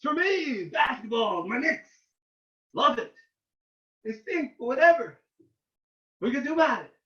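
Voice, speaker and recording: A man, a rabbi, giving an animated informal talk to students, getting loud and excited as he tells a story. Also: very high voice, a little slow. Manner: excitable, shouts and cracks when reliving a game. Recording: roomy, distant, dull lo-fi sound.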